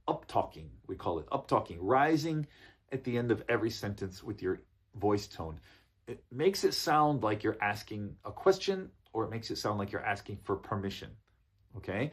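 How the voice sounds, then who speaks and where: A man's voice: on the low side, husky. A man coaching business English in an online lesson, emphatic and repetitive, often checking in with "okay?" and using "uh" and "you know" as fillers. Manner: emphatic, repeats key phrases, frequent "okay?" check-ins.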